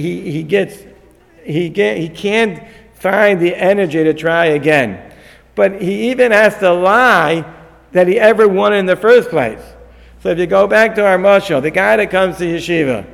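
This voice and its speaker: A man teaching a lecture on a Torah text, animated and acting out the figures in the story. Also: high-pitched, a little slow, creaky. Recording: long hall reverb.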